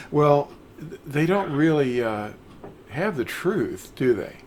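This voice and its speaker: A man's voice: on the high side, lively intonation, measured pace, darkish tone, slight background noise. Rambling older man on a call. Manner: rambling, mimics people mockingly. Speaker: teacher on a phone call. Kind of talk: casual phone conversation.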